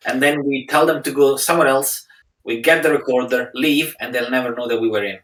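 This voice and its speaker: A man playing a tabletop game on a call, speaking earnestly in a halting way and repeating words. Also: mid-range voice, steady tone, fairly bright tone, slight background noise. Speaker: player. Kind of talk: casual tabletop game talk. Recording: echoey room audio from far off.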